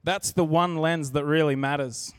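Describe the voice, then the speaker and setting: In a church, an earnest man with a slightly high voice for a man preaches a sermon, speaking conversationally and restarting sentences as he goes. His tone is steady and clean, his pace moderate. The recording is dry and close, with little room sound and no echo.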